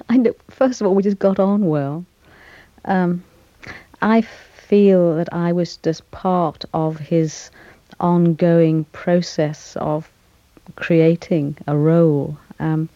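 An older actress giving a radio interview, speaking thoughtfully with frequent pauses, fillers and restarts. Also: female voice, lowish voice, warm tone, no room sound, dull audio. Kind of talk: reflective interview conversation.

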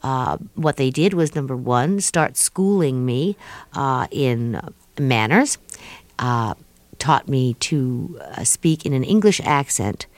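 A middle-aged woman from New York, a guest speaking thoughtfully in an interview and pausing often with fillers. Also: rumbling low, animated, darkish tone, dry recording. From New York, USA. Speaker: guest, author of an autobiography. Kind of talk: reflective interview talk.

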